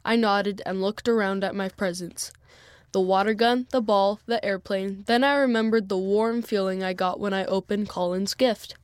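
Woman calmly reading a children's story. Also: medium pitch, normal speed, no room sound, studio quality. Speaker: storybook reader. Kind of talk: reading a children's story aloud in first person.

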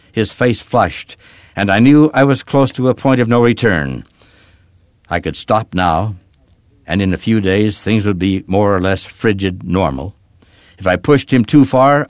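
Low-voiced man reading a story. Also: normal speed, no room sound, clean studio sound. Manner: expressive, lively reading. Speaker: narrator.

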